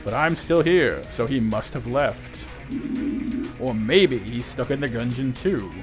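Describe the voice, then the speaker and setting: A man's voice: medium pitch, expressive, measured pace, lightly acted. A man voicing a resentful, disgraced old male knight in a video game, with a lofty, theatrical delivery. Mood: wry. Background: game music.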